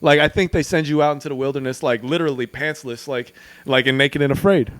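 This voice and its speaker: A man's voice: mid-range voice, fairly even intonation, fast, a bit bright, dry recording. A young man co-hosting a podcast, chatting casually, laughing often and telling rambling stories with crude humor. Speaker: podcast co-host. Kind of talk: casual chat.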